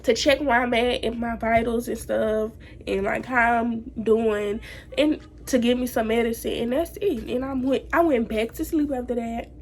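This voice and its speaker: Teenage woman, casual storytime vlog, slangy and chatty, slightly high voice. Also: fairly even intonation, moderate pace. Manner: chatty, slangy, addresses viewers directly. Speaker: vlogger.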